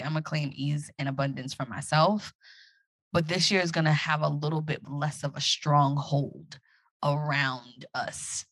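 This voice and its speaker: Alone on her podcast, a woman with a low-pitched voice talks casually and reflectively, cheering her listeners on. She performs her own excited inner voice, and no room sound can be heard.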